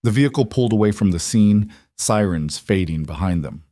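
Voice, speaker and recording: A man reading a mafia drama as scripted narration, measured and even. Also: fairly low pitch, no echo, clean studio sound.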